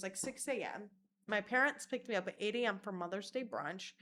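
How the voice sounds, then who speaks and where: A young woman telling wild personal stories in a casual vlog, crude and animated, slipping into mocking voices. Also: mid-range voice. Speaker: vlogger.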